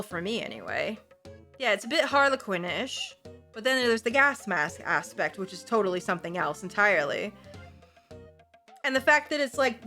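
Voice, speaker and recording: A woman livestreamer chatting casually to her viewers, animated, profane and playfully gushing. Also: medium pitch.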